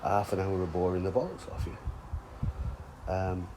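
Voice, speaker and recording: A man's voice: sits low, slow pace, dark tone, slight background noise, low-quality recording. A man chatting casually outdoors by a fishing lake, with sweary, teasing banter. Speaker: angler and vlog host. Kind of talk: casual chat.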